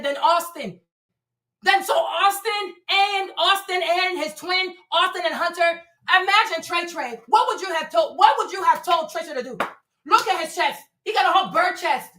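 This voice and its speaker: A mother hosting a livestream gives heated commentary in a very high-pitched voice that sounds pushed and bright, with an echoey room around her. She talks emphatically and repetitively, often stammering and restarting her words.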